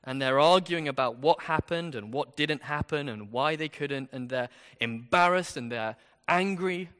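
In an easy, conversational sermon, a man preaches through a passage and tosses out rhetorical questions. His bright, forceful voice sits a little high, moves at a moderate pace, and is trailed by a long reverb.

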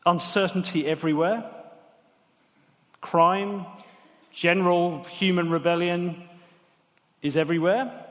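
Guy giving a chatty sermon, asks the room questions, voice on the higher side, long echo from the hall. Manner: conversational, asks the congregation questions. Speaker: preacher.

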